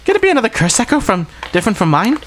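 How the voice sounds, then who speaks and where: A woman's voice: fairly high pitch, big pitch swings, very fast, slight background noise. Woman voicing a jittery schoolgirl. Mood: anxious. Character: nervous, jumpy schoolgirl lost in the dark. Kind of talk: reading game dialogue aloud.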